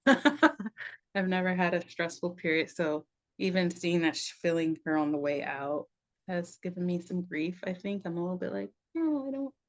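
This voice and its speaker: Speaking at an ordinary pace with fairly even intonation, this middle-aged woman has a voice on the low side. She's a somatic practitioner guesting on a podcast, reflecting casually, laughing a lot and leaning on "like."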